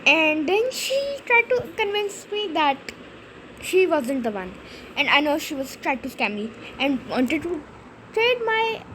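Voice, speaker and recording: Young girl telling a game story, high voice, lots of ums and likes, faint hum behind. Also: sing-song, a little slow, fairly bright tone, rough recording. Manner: chatty, rambling storytelling with many fillers. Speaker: gaming channel host. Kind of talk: casual gameplay commentary.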